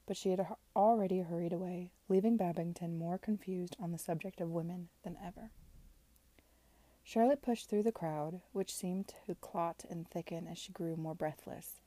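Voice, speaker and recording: A woman reading a novel aloud in a soft, measured manner. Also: fairly low pitch, dry recording. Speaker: reader.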